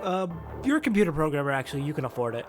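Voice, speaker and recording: A let's play host reading a visual novel aloud, with animated, reactive commentary between passages. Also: mid-range voice, racing, soft background music.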